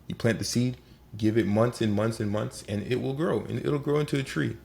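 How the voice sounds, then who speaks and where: A man giving a casual motivational talk as host, animated and acting out little scenes. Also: mid-range voice, brisk, creaky.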